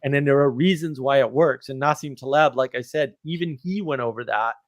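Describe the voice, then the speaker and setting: Male host, mid-pitched, blunt and joky, dry close sound. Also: brisk, dry recording. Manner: blunt, joking, self-deprecating. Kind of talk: casual rambling chat.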